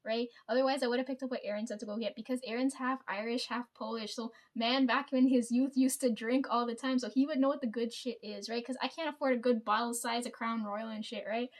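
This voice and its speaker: A young woman with a high voice chats to her camera at home in a casual vlog. Her throat is sore, and she tells her story with plenty of swearing and frequent laughter. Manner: profane, laughs often, storytelling. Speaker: vlogger. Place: at home, sitting before camera.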